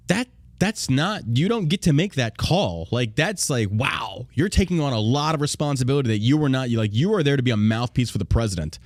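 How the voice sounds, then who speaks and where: A man's voice: medium pitch, expressive, a little fast, no echo. A man hosting a podcast, ranting in a profane, combative and indignant way. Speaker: podcast host.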